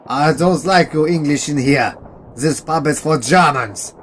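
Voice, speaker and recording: A man voicing a huge, drunk, belligerent German soldier who shouts threats. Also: medium pitch, expressive, normal speed, a little hiss or hum, close to an everyday voice. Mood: drunk menacing. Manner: loud, threatening, slurring drunk.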